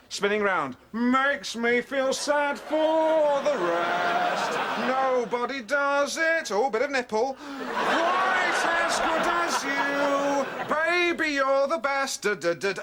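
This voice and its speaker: Alan Partridge, a high, pompous presenter. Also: male voice, heavy background noise, heavily acted. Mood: singing. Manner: blustering storyteller who acts out scenes and sings along. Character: pompous, excitable male TV presenter, middle-aged. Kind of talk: sitcom scene from a TV show.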